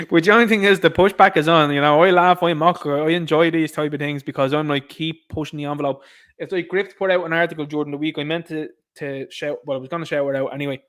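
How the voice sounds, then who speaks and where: A man with an Irish accent hosting a livestream, ranting with sarcastic indignation and calling his listeners lads. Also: fairly high pitch. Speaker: livestream host.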